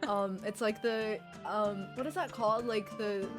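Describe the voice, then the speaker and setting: A woman streamer in casual chat about a game, giggly and animated, with lots of fillers. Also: mid-range voice, unhurried, music in the background. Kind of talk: casual chat while reading game dialogue.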